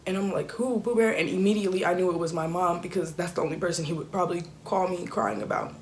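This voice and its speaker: A young woman telling an emotional personal story in a halting, soft-spoken way with many fillers. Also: on the low side, fairly even intonation, slight background noise. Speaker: YouTuber.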